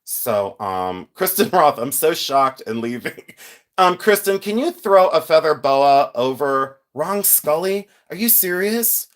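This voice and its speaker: A man's voice: on the high side, very animated, a little slow. A man hosting a casual livestream, chatting with viewers, greeting them by name and laughing often as he talks. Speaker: livestream host sorting jewelry.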